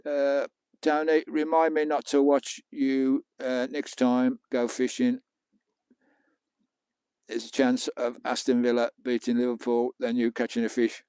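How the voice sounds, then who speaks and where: A man's voice: medium pitch, flat delivery, a little slow, a little mellow, clear, resonant tone, dry recording. A British man live-streaming from a beach while fishing, chatting casually and bantering with viewers, with some mild swearing. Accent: British English. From England. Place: outdoors on a beach at night.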